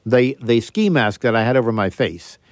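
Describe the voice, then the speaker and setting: Animated storytelling man, dry studio sound. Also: mid-range voice, normal speed, no echo. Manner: animated, theatrical storyteller acting out quotes. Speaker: guest, magician and escape artist. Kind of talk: interview, storytelling.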